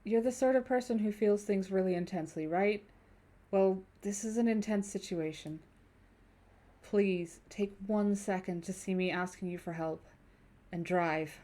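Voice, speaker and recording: A woman voicing a frightened young passenger who urgently begs a driver for a ride, then coaxes her softly. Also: mid-range voice, measured pace, close to an everyday voice. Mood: coaxing.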